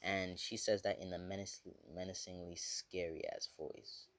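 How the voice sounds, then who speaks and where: A man's voice: sits low, flat delivery, unhurried, a bit bright, slight background noise. A man casually retelling a fan story, rambling with many fillers and swearing.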